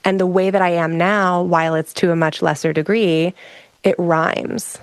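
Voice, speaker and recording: A woman's voice: fairly low pitch, steady tone, normal speed, clear, resonant tone, dry recording. A woman speaking as a guest on a conversation show, telling a personal story in a frank, reflective way with frequent restarts. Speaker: guest, emotional regulation specialist.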